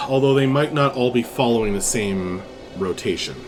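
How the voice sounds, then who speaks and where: A man narrating as game master of a tabletop role-playing game, unhurried and full of pauses and fillers. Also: mid-range voice, music in the background.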